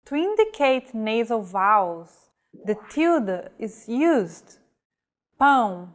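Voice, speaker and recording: Slow, careful woman teaching pronunciation. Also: on the high side, big pitch swings. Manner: slow, carefully enunciated example words. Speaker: language teacher. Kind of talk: scripted language lesson.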